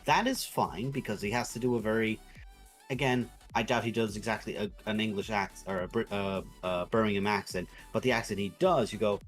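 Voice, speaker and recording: Low-voiced sweary man rambling on stream. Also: brisk, soft background music. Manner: rambling, sweary, animated rants. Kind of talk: casual chat while drawing on stream.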